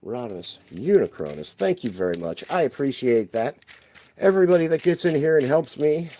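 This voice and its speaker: A man's voice: medium pitch, big pitch swings, a little fast, warm tone, slight background noise. A man hosting a casual live stream, chatting playfully with his viewers while he cleans a shelf at home. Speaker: livestream host. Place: room at home by a toy shelf.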